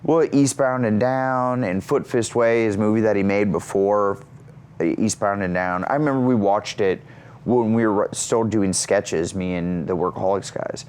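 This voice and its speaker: A man in his thirties, an actor and comedian, telling stories in an interview with lots of energy and self-mockery, jumping up high for quoted lines. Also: a little slow, darkish tone, clear, resonant tone. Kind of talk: animated storytelling in an interview.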